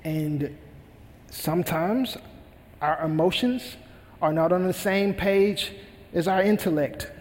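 High-voiced male pastor preaching in a reverberant hall. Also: slow, long pauses, a little mellow. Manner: earnest preaching, retells a parable with emphatic repetition. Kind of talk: sermon.

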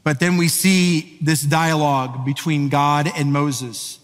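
A man's voice: a little high, flat delivery, takes it slowly. Man preaching a sermon in an echoey hall. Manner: conversational storytelling, asks the audience questions. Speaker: pastor.

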